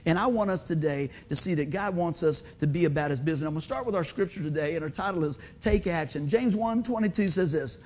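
A man preaching a sermon as pastor, telling a story with shouted sound effects and questions to the congregation. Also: on the high side, fast, few pauses, slight background noise.

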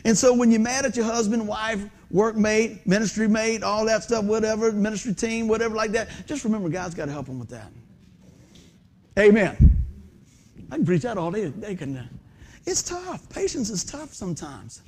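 A man in his fifties preaches from a lit church stage in a high, lively voice that leaps up and down. He keeps quizzing the congregation and pokes fun at himself between points. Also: moderate pace. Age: 50s. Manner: animated, quizzes the congregation, self-deprecating humor. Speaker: pastor. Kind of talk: conversational sermon. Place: church sanctuary under stage lights.

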